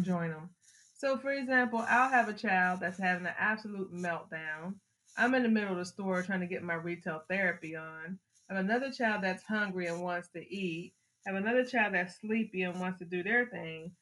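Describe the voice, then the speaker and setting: A middle-aged woman, a mother sharing parenting advice in a casual chat, telling family stories with lively acted-out moments. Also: medium pitch, brisk, rough recording. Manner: animated storyteller, acts out family scenes with laughter. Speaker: podcast guest, mother of the host.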